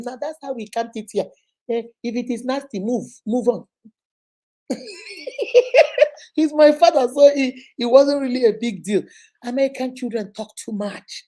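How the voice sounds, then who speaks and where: A woman's voice: on the high side, measured pace, pauses often. A middle-aged woman with a Nigerian accent, hosting a casual live question-and-answer chat, telling stories and laughing often. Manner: lively, laughs often, mixes in pidgin. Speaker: host.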